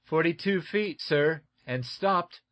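A man's voice: high-pitched, lively intonation, measured pace, voice pushed up. A man voicing a young male submarine crewman who gives clipped naval replies. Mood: dutiful.

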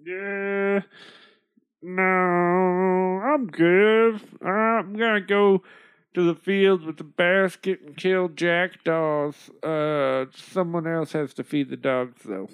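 A man's voice: sits high, steady tone, very slow, clear, resonant tone, exaggerated voice. A man voicing a lazy, dim-witted young peasant simpleton in a comedic fairy-tale retelling, drawling and hesitant. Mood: dopey. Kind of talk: comedic storytelling.

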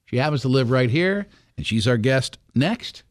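A man's voice: mid-range voice, lively intonation, moderate pace. A man hosting a radio show, chatting loosely and jokingly with plenty of fillers, on a studio microphone. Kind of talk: casual morning radio chat.

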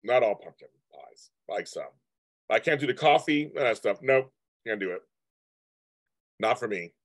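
A man in his fifties rambles through a casual live stream and answers viewers' comments as they come in. His pitch swings widely, up and down, as he talks. The sound is dry and close, with no room echo. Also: lively intonation, normal speed. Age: 50s.

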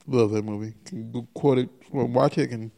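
A man's voice: mid-range voice, steady tone, moderate pace, vocal fry, dark tone. A man co-hosting a casual comedy podcast, rambling with many fillers. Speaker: podcast co-host. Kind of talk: casual chat.

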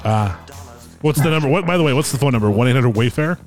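Podcast cohost guy throwing in dry jokes, lively pitch, music playing clearly behind. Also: quick pace. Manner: dry wisecracking interjections. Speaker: podcast co-host. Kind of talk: casual chat.

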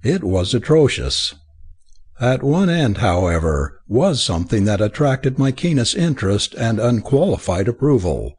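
Husky male audiobook narrator, theatrical. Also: mid-range voice, a little slow. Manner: expressive, theatrical reading. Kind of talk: dramatic first-person audiobook narration.

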